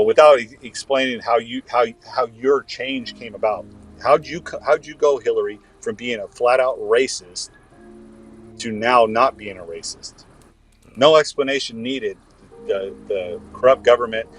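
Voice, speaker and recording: A man from the US West Coast co-hosts a podcast of casual political chat, talking in a heated, ranting way. His voice is mid-range, and the audio quality is poor.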